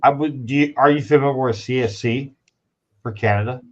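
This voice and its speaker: A man hosting a podcast in casual chat, telling stories with lively acted-out quotes. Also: medium pitch, brisk. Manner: animated storyteller, acts out quoted dialogue. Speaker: podcast host. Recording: dull lo-fi sound.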